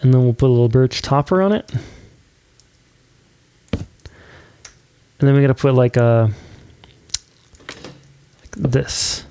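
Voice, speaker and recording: A man's voice: mid-range voice, expressive, takes it slowly, long pauses, warm tone, smooth. A man hosting a let's play, chatting casually and giggling while he builds. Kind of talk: casual gameplay commentary.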